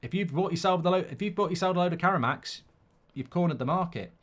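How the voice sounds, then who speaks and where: Middle-aged bloke streaming a footy watchalong, rambly and sweary, bit high-pitched. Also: male voice, fast talker, fairly bright tone. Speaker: football watchalong host. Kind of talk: casual live-stream chat.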